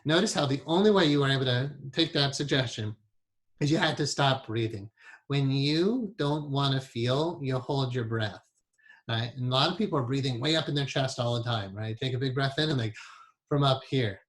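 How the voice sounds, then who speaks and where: A man's voice: medium pitch, normal speed. Conversational man teaching a class. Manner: conversational, laughs often, many asides and fillers. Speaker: hypnotherapy teacher.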